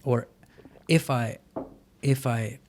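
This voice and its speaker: Brief: male interview guest, mid-pitched, earnest and animated, slips into quoted voices. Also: takes it slowly, a little hiss or hum. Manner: earnest, explanatory. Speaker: podcast guest. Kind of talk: conversational interview.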